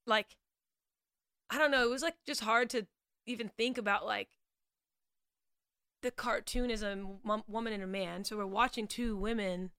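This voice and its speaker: Brief: excitable woman, casual swearing chatter, higher pitch. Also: normal speed, long pauses, clear, resonant tone, no room sound, studio quality. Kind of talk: casual chat.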